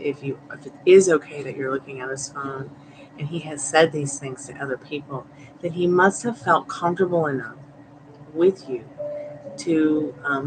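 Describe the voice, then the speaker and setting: A woman's voice: low voice, background noise. A woman doing a live tarot reading, chatting and rambling with viewers, laughing often. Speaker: tarot reader. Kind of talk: live-stream chat with viewers.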